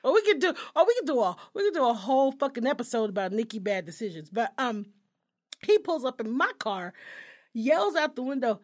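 Woman in her thirties, podcast co-host, high lively voice, profane and animated storytelling. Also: a little fast. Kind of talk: casual chat.

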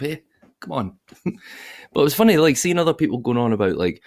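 A man's voice: medium pitch, sing-song, fairly quick, gravelly, darkish tone, dry recording, studio quality. A Scottish man co-hosting a football podcast, joking, laughing often and calling his friend mate. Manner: jokey, laughs often, calls people mate. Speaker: podcast co-host. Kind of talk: casual football chat.

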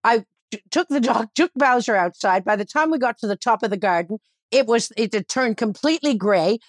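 A woman's voice: fairly high pitch, expressive, fairly quick, dry recording, clean studio sound. A woman with a Newfoundland accent, a comedian guest chatting irreverently and swearing freely as she tells stories. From Newfoundland, Canada. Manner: salty, irreverent storyteller who swears freely. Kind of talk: casual interview chat. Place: at home, remote interview.

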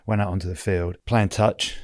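Englishman, middle-aged, low voice, dry close sound; candid storyteller who swears. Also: fairly even intonation, moderate pace, dry recording. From England. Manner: frank, swears freely, many restarts. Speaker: guest, former rugby player. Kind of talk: casual storytelling.

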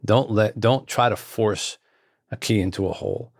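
An author and guest telling a story in an earnest way, with repeated phrases and restarts. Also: male voice, fairly low pitch, moderate pace, creaky, dry recording, clean studio sound. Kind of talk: anecdotal storytelling.

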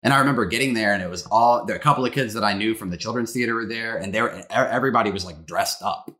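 A man's voice: lowish voice, rapid-fire, sharp tone. A man in his thirties, a former child actor from the American South, casually and earnestly reminiscing as a podcast guest. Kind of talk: casual storytelling.

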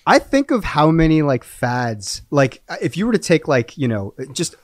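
A man's voice: fairly high pitch, very animated, normal speed, dry recording. Joking man, dry close sound. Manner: joking, rambling with many fillers. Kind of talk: casual chat.

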